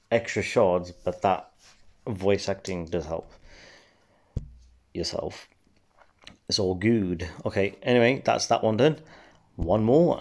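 A man casually commenting on his mobile game play, relaxed and rambling with many fillers. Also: fairly low pitch. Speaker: game channel host.

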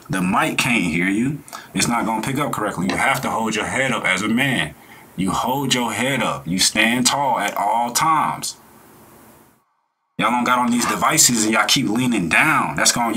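Reaction host, man, blunt slang, preachy and animated, forceful edge. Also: medium pitch, slightly rough. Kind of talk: casual reaction commentary.

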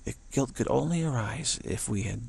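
A man's voice: mid-range voice, expressive, moderate pace, creaky, a little mellow, breathy edge. A man giving a casual spiritual talk outdoors in the evening, musing, repeating words and acting out the voices he quotes. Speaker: spiritual teacher.

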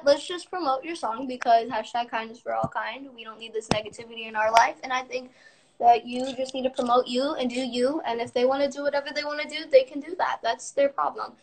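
A middle-aged woman with a high voice talks to her supporters over a livestream. Her statements are firm and upbeat, and she keeps them steady and rallying. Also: a little fast, slight background noise. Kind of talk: livestream address to followers.

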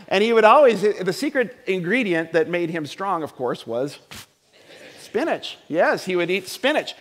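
A man's voice: high voice, sing-song, measured pace, a bit bright. A middle-aged man preaching a sermon in a church, talking conversationally and joking with the congregation. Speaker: pastor. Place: church sanctuary. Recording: long hall reverb.

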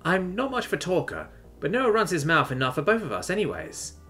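A man's voice: on the high side, wildly swooping pitch, fairly quick, bright, forceful tone, pitched above the performer's own voice, exaggerated voice. A man voicing a reserved human co-pilot, a woman with a dry, teasing way of talking.

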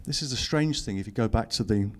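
A man's voice: lowish voice, fast talker. Man reading aloud, dry teasing asides. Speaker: author giving a public reading. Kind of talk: reading aloud and commenting to an audience. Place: lecture hall.

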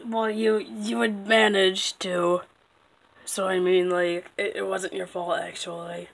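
A woman voicing a dry, sarcastic male ink monster who talks slowly and flatly. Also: medium pitch, gravelly, faint music behind, pitched below the performer's own voice. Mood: deadpan.

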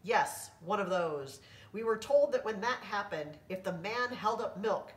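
A proud, earnest island man who explains things slowly and solemnly, as a woman reads him aloud. The room echoes and the voice is heard from a distance. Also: mid-range voice, animated, natural voice. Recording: echoey room, reader far from mic.

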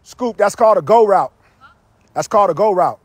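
Husky man barking football drills. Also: high-pitched, a little fast, no echo. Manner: loud, teasing, energetic barked commands. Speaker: football coach. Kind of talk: coaching drills with trash talk.

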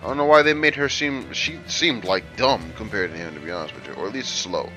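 A man's voice: on the low side, animated, a little fast, sharp tone, faint music behind. A man hosting a casual let's play, brash and trash-talking as he reads game lines aloud and mocks them. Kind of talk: casual gameplay commentary.

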